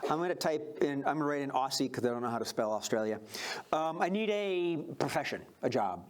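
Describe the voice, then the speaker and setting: Man, improv host, live stage, upbeat, lively pitch, chatty. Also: a little fast. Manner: upbeat, chatty, takes audience suggestions. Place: stage before a live audience.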